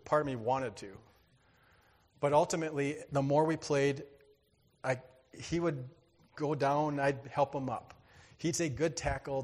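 A man preaching a sermon, telling a story with lively energy, acting out voices and laughing often. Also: mid-range voice. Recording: hall reverb.

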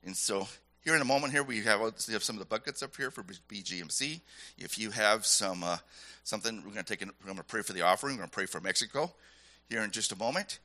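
A man speaking to a church congregation, announcing a missions offering and praying, with halting, repeated words and a folksy manner. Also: on the low side, sharp tone. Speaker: church leader leading offering prayer.

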